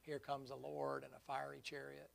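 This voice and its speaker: Gravelly preacher, folksy. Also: male voice, mid-range voice, moderate pace. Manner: folksy storytelling, vivid and animated. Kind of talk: sermon.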